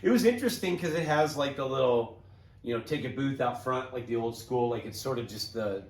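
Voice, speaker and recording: A man's voice: mid-range voice, animated, brisk, a little hiss or hum. A man co-hosting a podcast in casual chat, rambling with lots of filler words and laughing easily. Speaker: podcast co-host. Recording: roomy sound, mic at a distance.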